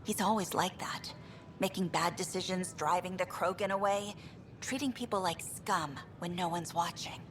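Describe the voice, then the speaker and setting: A woman's voice: fairly low pitch, normal speed, a little hiss or hum, close to an everyday voice. An actress playing a frustrated female engineer in a video game, speaking candidly and wryly about her troubles. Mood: exasperated. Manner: exasperated, candid, wry.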